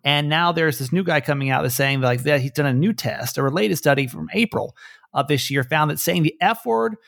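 A man's voice: a little high, brisk, gravelly, a bit bright, dry recording, clean studio sound. A man hosting a podcast with his mother, talking in a loose, chatty way and often restarting sentences. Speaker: podcast host. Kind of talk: casual chat.

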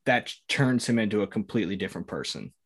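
A man's voice: fairly low pitch, big pitch swings, fast, breathy edge. Rambling man hosting a hockey podcast. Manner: rambling, joking, lots of fillers. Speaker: podcast host. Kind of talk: casual sports podcast chat.

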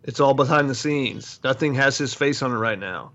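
Male co-host, calm and deliberate, slightly dull recording. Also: mid-range voice. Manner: thoughtful, measured reasoning. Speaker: podcast co-host. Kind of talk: casual sports podcast chat.

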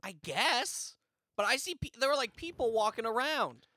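Casting: sarcastic male co-host, bright voice with lively inflection. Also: very high voice, normal speed, no echo. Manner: dry, sarcastic quips. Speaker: podcast co-host. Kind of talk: comedic podcast banter.

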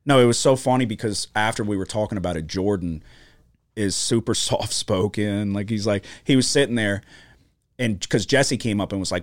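A man's voice: a little fast, dry recording, studio quality. A man co-hosting a podcast, telling a story in casual, profane chat, his voice jumping up when he gets worked up. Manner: animated storytelling, heavy swearing, pitch jumps when worked up. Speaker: podcast co-host. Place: podcast studio.

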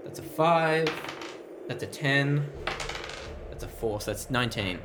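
A man playing in a tabletop role-playing game, chatting casually, laughing, and shouting a catchphrase. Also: medium pitch, lively intonation, unhurried, background noise. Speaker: player.

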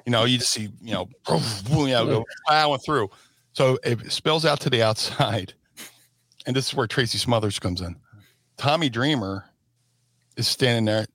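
A middle-aged man, a former wrestler telling lively stories on a podcast and acting out voices. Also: mid-range voice, normal speed, dry recording. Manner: animated, acts out voices and shouts in stories. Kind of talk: casual storytelling.

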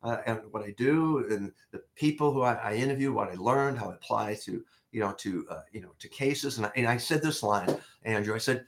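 Older male interview guest, animated storyteller who stops and restarts a lot, middle-pitched conversational voice. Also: fairly quick, few pauses. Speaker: interview guest, former investigator.

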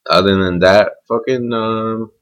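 A man's voice: lowish voice, fairly even intonation, a little slow, a bit bright, smooth. A man hosting his own podcast, talking off the cuff in a blunt, profane, rambling solo rant. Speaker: podcast host. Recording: dull lo-fi home recording.

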